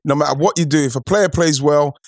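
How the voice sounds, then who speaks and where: Rambling football podcast host. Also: male voice, fairly high pitch, no room sound, studio quality. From England. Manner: rambling, halting, lots of restarts and fillers. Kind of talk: casual football chat.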